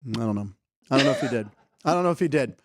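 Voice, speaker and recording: A man's voice: mid-range voice, lively intonation, racing, a little hiss or hum. A man hosting a sports comedy show, riffing casually and laughing often as he talks through clips. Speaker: host.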